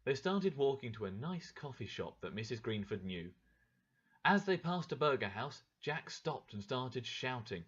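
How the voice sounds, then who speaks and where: Taking an unhurried pace, a man tells a graded story aimed at English learners, his delivery clear and expressive with pitch that moves up and down a lot. The audio has a somewhat dull, lo-fi quality.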